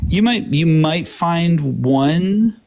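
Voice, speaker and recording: A man's voice: a little high, animated, extremely slow, vocal fry, a little mellow. A man co-hosting a casual live debate stream, argumentative and insistent, often repeating his points. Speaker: podcast co-host.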